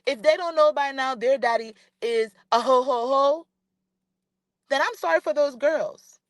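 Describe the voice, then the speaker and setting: A woman's voice: high voice, unhurried, dry recording. A woman giving opinionated commentary on a vlog, ranting and speaking straight to the person she criticizes, repeating her points for emphasis. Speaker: reality TV commentator.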